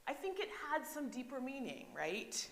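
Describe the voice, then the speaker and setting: A woman's voice: sits high, big pitch swings, normal speed, a bit bright. An American woman pastor preaching a conversational sermon, often asking the congregation questions and checking in with "right?". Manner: chatty, asks the congregation questions, frequent "right?". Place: church sanctuary. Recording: echoey church hall.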